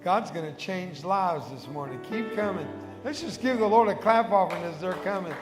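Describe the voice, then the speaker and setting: Fervent older preacher in an echoey hall. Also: male voice, high-pitched, expressive, normal speed. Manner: fervent, coaxing, breaks into murmured praise. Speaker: guest evangelist. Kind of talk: altar call and led prayer. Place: large church sanctuary. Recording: echoey hall with worship music behind.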